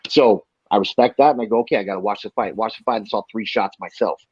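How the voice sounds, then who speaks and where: A man from the United States, a bare-knuckle fighter guest, ranting in a heated, profane, rapid-fire way during an interview. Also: lowish voice, slightly rough, dry recording, highs cut off.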